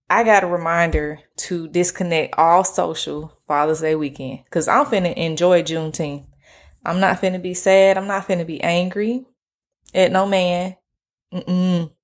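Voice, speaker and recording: A woman hosting a podcast solo, talking in a relaxed, slangy way with a flat, monotone delivery and casual swearing. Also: lowish voice. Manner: self-described monotone delivery. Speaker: podcast host.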